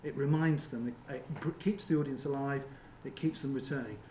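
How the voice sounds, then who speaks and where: A man presenting at a seminar in a theatre, talking conversationally with frequent ums and quick rhetorical checks with the audience. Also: mid-range voice, fairly even intonation, mellow. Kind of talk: conference presentation. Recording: roomy venue with faint background hum.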